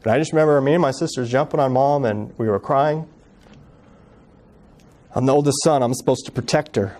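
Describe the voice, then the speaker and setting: A man in his thirties giving an earnest personal storytelling talk as a guest speaker, acting out family members' words softly. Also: mid-range voice, fairly quick. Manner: earnest, acts out quoted family voices softly.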